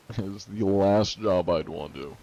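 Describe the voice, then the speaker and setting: A man's voice: deep voice, a little slow, mellow, highs cut off. A 21-year-old American man streaming and joking sarcastically while answering questions from chat. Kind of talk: casual livestream chat.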